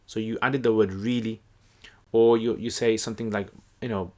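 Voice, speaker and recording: A man giving a casual explanatory lesson, conversational and relaxed, with many fillers and restarts. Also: lowish voice, brisk. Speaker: Quran teacher.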